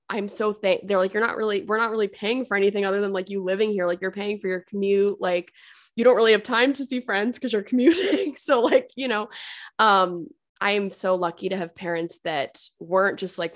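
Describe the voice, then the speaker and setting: A woman guest on a podcast, telling a personal story in casual chat, full of "like" fillers and acting out what others said. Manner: chatty, many "like" fillers, acts out quoted voices; lively, swings up in pitch on quotes.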